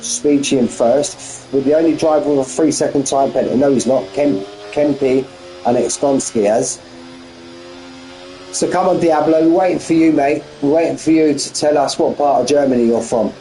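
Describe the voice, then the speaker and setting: A man's voice: mid-range voice, moderate pace, mellow, soft background music, low-quality recording. A man commentating a sim race on a live stream, bantering with viewers and often repeating himself.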